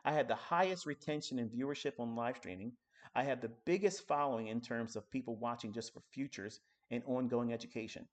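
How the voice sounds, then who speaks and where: Guy ranting on his live stream, swears nonstop, combative, gets loud then drops to a low grumble. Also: brisk. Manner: profane, combative, emphatic; swings between loud outbursts and low muttering. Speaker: trading educator on a live stream.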